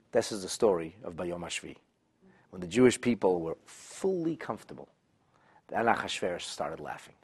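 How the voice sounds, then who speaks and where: A man teaching a Torah text study class, animated, with halting restarts and repeated words. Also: fairly low pitch, slightly rough. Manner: animated, rising to exclamations, voices the king in quotes.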